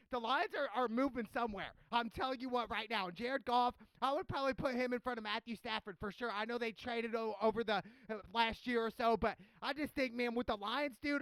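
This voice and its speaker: A man's voice: very high-pitched, gravelly, a bit bright, smooth, dry recording, poor audio. A man giving a blunt, slangy football recap as a streamer, trash-talking teams in casual chat. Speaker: sports streamer.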